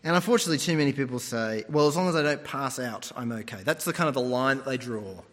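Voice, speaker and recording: A man's voice: mid-range voice, quick pace. A man preaching a sermon, retelling stories and putting on voices as he goes. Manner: animated storytelling, mimics voices. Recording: long hall reverb.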